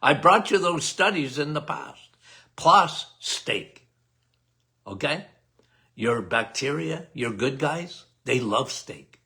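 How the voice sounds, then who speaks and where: Fielding viewer questions on a casual live health show, an older host speaks in a folksy, emphatic style, asking "okay?" again and again. His voice is fairly high, animated, pushed, and bright, and he talks at a slow pace.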